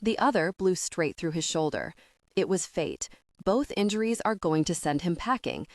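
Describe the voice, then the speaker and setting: A woman's voice: fairly low pitch, expressive, moderate pace, no room sound. A woman narrating a romance audiobook in the first person, telling the story steadily into a close mic.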